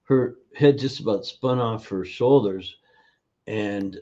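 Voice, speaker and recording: A man's voice: lowish voice, mellow. A man being interviewed as a nutrition educator, telling stories with many fillers and acting out the people in them. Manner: storytelling, acts out quoted voices, halting with fillers. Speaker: functional nutrition educator, guest. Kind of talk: casual interview over video. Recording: dull lo-fi sound.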